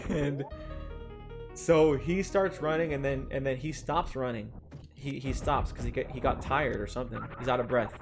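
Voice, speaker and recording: A man's voice: mid-range voice, steady tone, normal speed. Casting note: young male game streamer, easygoing, rambling storyteller who keeps saying "like", with game music underneath. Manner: rambling, with many "like" fillers and chuckles. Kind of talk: casual storytelling while playing a game.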